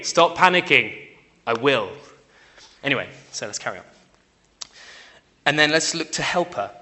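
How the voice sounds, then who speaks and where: A young man preaching in a casual, chatty way, his voice bright and forward. He checks in with the room often with a quick "yeah?" and moves between loud emphatic bursts and quiet asides. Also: medium pitch. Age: young adult. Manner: conversational, checks in with listeners by asking "yeah?". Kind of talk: informal sermon.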